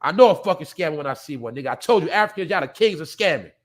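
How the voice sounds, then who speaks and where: A man's voice: on the high side, expressive, racing. A man hosting a live show, ranting bluntly and profanely in a rambling way, often laughing. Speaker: podcast host. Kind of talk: casual live-stream rant.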